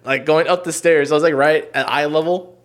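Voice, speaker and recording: A young man in casual chat, telling a long story with many fillers and profanity, acting out quoted lines loudly. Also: a little high, fairly even intonation, a little fast, a little hiss or hum.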